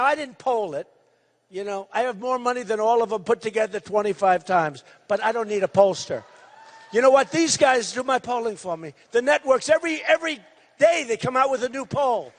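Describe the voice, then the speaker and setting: A man in his sixties giving a campaign rally speech, loud and repetitive, hammering his points with emphasis. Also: very high-pitched, animated, fairly quick, long reverb tail. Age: 60s. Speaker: political candidate.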